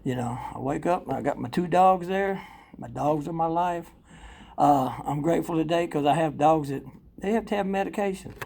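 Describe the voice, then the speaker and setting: An older man giving a blunt, profane recovery testimony to a live audience. He rambles with fillers, laughs often, and swings between loud and quiet. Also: fairly high pitch, moderate pace, creaky, slight background noise. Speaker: speaker sharing at a recovery convention workshop.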